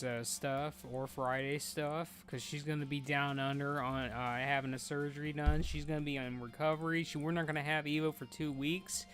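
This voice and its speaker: A man's voice: a little high, fairly bright tone. A man streaming an online game as raid leader, casually chatting and giving blunt, profane instructions to his teammates. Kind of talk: casual live gaming chat.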